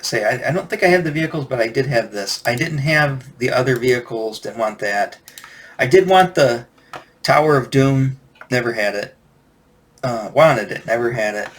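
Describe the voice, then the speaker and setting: A man's voice: medium pitch, lively intonation, normal speed. A man in his forties, the host, telling rambling stories about childhood toys and often correcting himself as he goes. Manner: rambling, self-correcting storytelling. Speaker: toy collector host. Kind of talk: casual reminiscing vlog.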